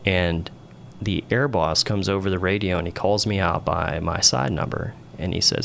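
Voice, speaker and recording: A man's voice: sits low, normal speed, gravelly, a bit bright, a little hiss or hum. A man, a naval aviator and podcast guest, telling a rambling story in casual conversation, often ending phrases with "right?".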